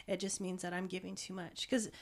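Animated, laughing woman medium. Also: fairly low pitch, a little fast. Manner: animated, laughs often, affirming. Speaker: psychic medium guest. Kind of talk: casual chat.

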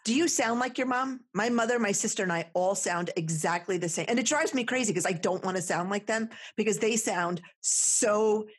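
A woman with a New Jersey accent in a casual chat, animated and laughing often. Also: mid-range voice, normal speed, hardly any pauses, slightly rough.

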